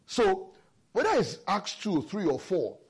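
A man's voice: high-pitched, measured pace, husky. A man preaching a sermon, explaining scripture with emphasis and personal stories. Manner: lively, emphatic Bible exposition with personal stories.

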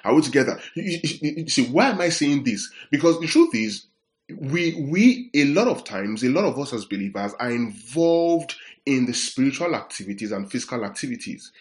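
Male preacher teaching with steady repetition. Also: medium pitch. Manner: repeats "are we together?" to check the audience; explains words slowly, restating points. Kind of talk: sermon teaching.

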